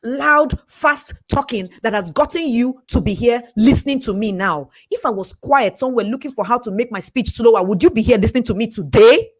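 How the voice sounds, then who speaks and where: A woman giving a fast, emphatic motivational talk, laughing often. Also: on the high side, lively intonation. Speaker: speaker and coach.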